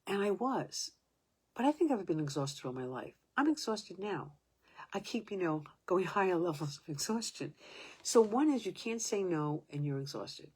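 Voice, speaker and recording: Husky low-voiced woman in her seventies. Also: sing-song, a little mellow. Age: 70s. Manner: halting, restarting sentences, sometimes dropping to a whisper. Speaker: storyteller. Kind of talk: personal storytelling monologue.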